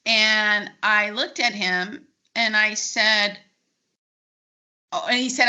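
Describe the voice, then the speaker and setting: A woman in her forties, a forensic accountant, telling personal stories in an interview, animated and restarting often while she acts out quoted dialogue. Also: mid-range voice, slow, long pauses. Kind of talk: candid interview storytelling. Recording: muffled lo-fi audio.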